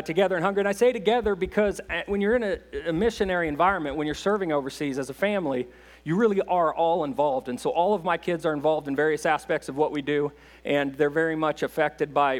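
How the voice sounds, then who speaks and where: A man speaks from a church pulpit as a visiting missionary. He talks in a folksy, halting way and pokes fun at himself. His voice sits slightly high. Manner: folksy, self-deprecating humor, halting restarts. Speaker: guest preacher, missionary. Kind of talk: sermon, casual storytelling. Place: church sanctuary.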